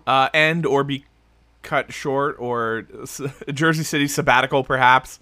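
A man's voice: medium pitch, steady tone, a little slow, sharp tone, no echo. A man co-hosting a podcast in casual chat, rambling with restarts, swearing freely and laughing. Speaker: podcast co-host.

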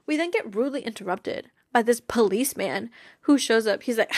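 A woman's voice: fairly high pitch, expressive, moderate pace, darkish tone, dry recording, studio quality. A woman hosting a casual fan podcast, bubbly and giggly, rambling with lots of "like" and "you know.". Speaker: podcast host.

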